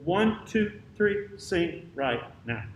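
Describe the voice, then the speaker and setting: A man directing a choir rehearsal, counting off, singing out parts and giving brisk instructions in a rehearsal room with a piano. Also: high-pitched, very animated. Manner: brisk counting and sung demonstrations. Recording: roomy, distant mic with piano.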